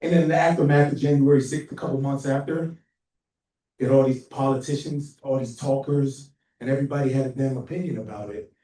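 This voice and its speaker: Animated man telling stories in an echoey hall. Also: medium pitch, fairly quick, distant mic. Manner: animated, acts out phone calls, laughs often. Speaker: memorial speaker, friend and co-author. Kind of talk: storytelling tribute speech. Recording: echoey hall heard from afar.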